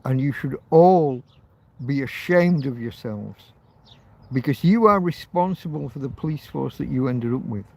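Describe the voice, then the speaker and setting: A man's voice: mid-range voice, expressive, a little slow, creaky, a little mellow. A man hosting an informal livestream, ranting heatedly and swearing, with phrases repeated for emphasis. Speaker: livestream host.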